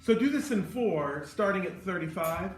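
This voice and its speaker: A man's voice: sits high, lively intonation, moderate pace. A man teaching choral conducting, giving feedback and singing short phrases to demonstrate. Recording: roomy hall, from a distance, with music.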